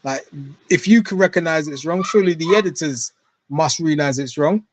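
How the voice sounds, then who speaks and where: A man's voice: on the high side, normal speed, no echo. A man in casual chat who swears freely and talks in a streetwise way.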